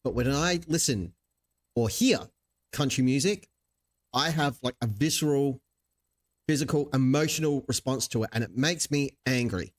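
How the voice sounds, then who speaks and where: A man's voice: mid-range voice, normal speed. A man hosting his channel, chatting casually and reacting to a video with wry, sarcastic asides. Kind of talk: casual live-stream commentary.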